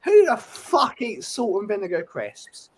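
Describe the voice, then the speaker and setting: A man's voice: sits high, wildly swooping pitch, a little slow, slight background noise, rough recording. A man, co-hosting a casual podcast chat, ranting with swearing and comic exaggeration. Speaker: podcast co-host.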